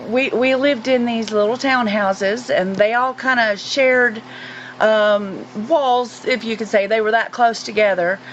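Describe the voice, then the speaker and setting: A woman in her forties from North Carolina with a fairly high voice tells her story earnestly, pausing often and filling gaps. The recording is slightly muffled, and a faint hiss runs underneath. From North Carolina, USA. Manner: earnest, halting storytelling with many fillers. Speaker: guest. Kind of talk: recounting a personal experience.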